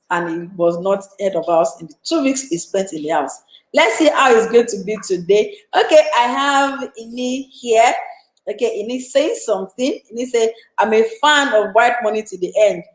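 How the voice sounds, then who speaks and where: A woman's voice: on the high side, moderate pace, reverberant, low-quality recording. A woman with a Nigerian accent hosting a casual live stream, chatting and reading out viewer comments. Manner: chatty, animated, asks viewers questions. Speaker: live-stream show host.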